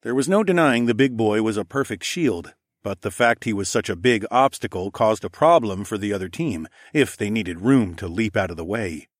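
A man narrating a first-person fantasy audiobook, lively and casual, giving the characters their own voices. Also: lowish voice, moderate pace, hardly any pauses, dry recording, studio quality.

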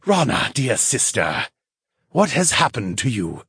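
A male narrator voicing a tall, arrogant male fire spirit, speaking slowly and proudly. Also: mid-range voice, huge pitch swings, gravelly, bright, forceful tone, breathy edge, no room sound, studio quality, voice pushed up, full character voice. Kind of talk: audiobook character voice.

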